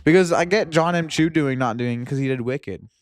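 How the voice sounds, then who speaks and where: A man's voice: fairly high pitch, moderate pace. A young man in casual chat about movies, rambling and laughing, often breaking off mid-sentence. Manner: rambling, laughing, self-interrupting. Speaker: movie review youtuber.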